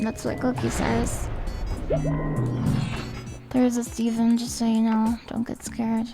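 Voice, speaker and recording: A woman's voice: a little high, steady tone, unhurried. Chatty woman streamer over game music. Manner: chatty, musing, trails off into mumbles. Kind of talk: casual live-stream commentary.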